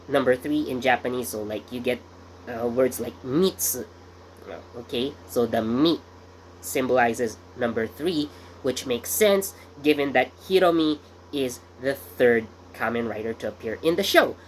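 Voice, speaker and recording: A man's voice: mid-range voice, a little hiss or hum. A man hosting his own video channel, talking casually in a rambling way with many fillers and self-corrections. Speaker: YouTube channel host. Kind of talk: casual commentary vlog.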